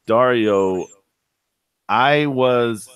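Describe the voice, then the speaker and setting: A man's voice: mid-range voice, extremely slow, a bit bright, clean tone, no room sound, lo-fi sound. A man hosting a casual wrestling chat, rambling with lots of "like" and "uh". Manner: rambling, filler-heavy, says "like" a lot. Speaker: podcast host.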